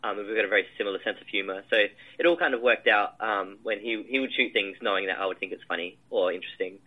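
A man's voice: on the low side, fast talker, phone-quality sound. A man, a film director, describing his shoot in a casual interview, rambling with many fillers and restarts.

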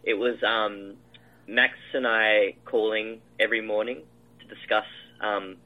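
A man's voice: lowish voice, steady tone, measured pace, dull audio. A man, a film director, describing his shoot in a casual interview, rambling with many fillers and restarts.

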